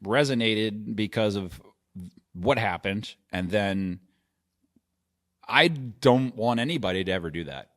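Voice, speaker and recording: A man's voice: lowish voice, animated, a little slow, long pauses, a bit bright. A man in casual podcast chat as a guest, rambling with restarts and swearing freely. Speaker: podcast guest and video editor.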